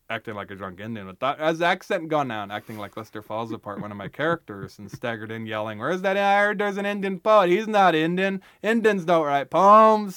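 A young American man who is a writer appears as an interview guest, telling stories in an emphatic, wry way with frequent restarts in an animated conversational interview. His fairly low voice is a bit bright, recorded with no room sound.

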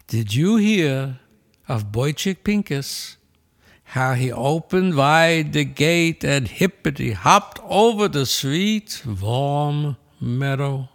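A man's voice: on the high side, lively intonation, slow pace, vocal fry, voice pushed up, full character voice. An older man narrating a children's story in a put-on Eastern Brooklyn Yiddish accent.

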